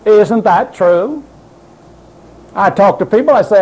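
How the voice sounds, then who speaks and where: Male preacher, high and lively voice, hammering points home as fact. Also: slow, rough recording. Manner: emphatic, insistent, quotes doubters in mocking voices. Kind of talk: sermon.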